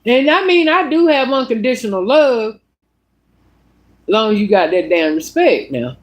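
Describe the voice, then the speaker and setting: A woman's voice: on the high side, big pitch swings, unhurried. Blunt, profane woman telling a story. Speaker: vlogger. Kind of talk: casual storytelling monologue.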